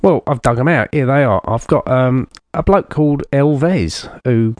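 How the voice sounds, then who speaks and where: A man presenting a radio show in a relaxed, jokey way, rambling with plenty of fillers. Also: medium pitch, moderate pace, no echo. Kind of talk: casual radio chat.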